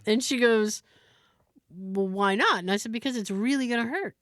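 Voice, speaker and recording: A woman's voice: on the high side, moderate pace, no echo, studio quality. A woman co-hosting a podcast, telling a story in casual chat and acting out the people in it. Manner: animated, acts out the people in her story. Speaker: podcast co-host.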